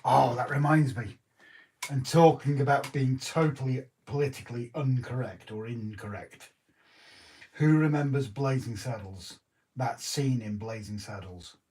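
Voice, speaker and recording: A man's voice: medium pitch, a little slow, darkish tone. A man co-hosting a livestream in casual, cheeky chat while he works on a model. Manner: joking, cheeky banter. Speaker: co-host of a model railway livestream. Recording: distant mic with faint noise.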